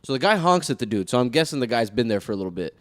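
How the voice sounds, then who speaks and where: A young man co-hosting a podcast, casually telling an animated story full of swearing and laughter. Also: mid-range voice, very fast. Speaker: podcast co-host.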